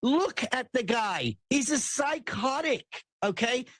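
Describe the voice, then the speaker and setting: A man's voice: extremely high pitch, animated, slow, a bit bright, dry recording. A man delivering a heated, sarcastic political rant as a commentary host. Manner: ranting, sarcastic, mimics people in quotes.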